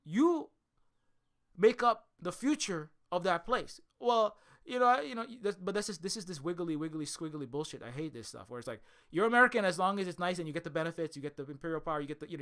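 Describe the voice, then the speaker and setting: A man's voice: on the high side, fairly bright tone. A young man from Hawaii talking in a rambling, emphatic monologue, swearing often and restarting his sentences. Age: young adult. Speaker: video creator. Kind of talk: casual monologue.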